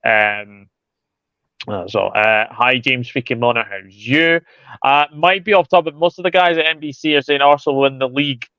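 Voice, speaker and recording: Male host, casual livestream chat, smooth voice, slightly muffled dry recording. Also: medium pitch, normal speed, bright, forceful tone, no room sound. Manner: chatty, greets viewers by name, many fillers. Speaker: football channel host reading live chat.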